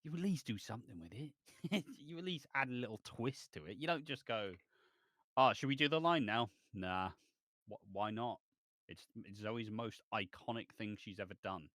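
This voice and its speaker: A man's voice: on the low side, moderate pace, fairly bright tone, no room sound, clean studio sound. A man co-hosting a podcast, rambling and hesitant in casual chat about a soap, with sudden bursts of exasperation. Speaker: podcast co-host.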